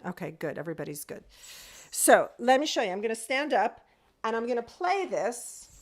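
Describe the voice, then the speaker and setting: Her sing-song voice sits on the high side and moves at normal speed as she leads a group music lesson online by video call. She walks through each step, counts the beats aloud, and sings the rhythm syllables to show them.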